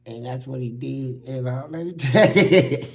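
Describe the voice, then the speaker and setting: A man casually telling stories from prison, animated and full of street slang, acting out what other people said. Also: medium pitch, a little slow. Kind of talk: casual storytelling.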